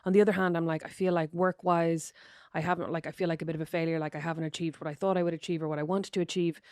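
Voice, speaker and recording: A woman's voice: lowish voice, little pitch movement, very fast, darkish tone, clear, resonant tone, no room sound, studio quality. An Irish woman co-hosting a podcast, chatting casually and reflectively, often finishing her partner's sentences. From Ireland. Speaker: podcast co-host. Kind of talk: casual chat.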